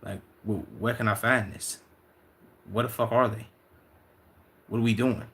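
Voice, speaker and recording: Young dude streaming, low gravelly voice, swearing and hyped, lots of restarts. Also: male voice, a little slow. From Chicago. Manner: loose, profane, excitable banter with repeated restarts. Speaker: livestreamer reading chat. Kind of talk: casual livestream chat.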